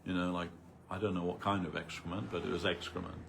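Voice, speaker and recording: A man's voice: deep voice, little pitch movement, fast, creaky, background noise. A man giving an informal spiritual talk at a temple gathering, rambling conversationally and peppering his stories with "you know".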